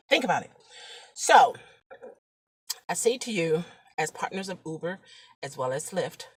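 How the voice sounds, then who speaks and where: A woman's voice: low-pitched, husky, no echo. A woman who drives rideshare, talking to the camera in a chatty, preachy way, rambling with fillers and sometimes dropping to a whisper. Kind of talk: casual vlog talk.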